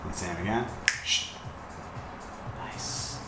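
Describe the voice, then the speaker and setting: A man working as a dog trainer, giving calm commands and quick praise, shushing as he explains each step of the demonstration. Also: on the low side, creaky. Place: indoor building with an elevator. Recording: echoey room with steady background noise.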